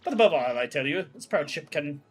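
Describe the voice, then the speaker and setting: A man's voice: on the high side, expressive, a little fast, a little hiss or hum, natural voice. A man voicing a pompous, flamboyant male ship owner who speaks in a grand, theatrical manner. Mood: grandiose.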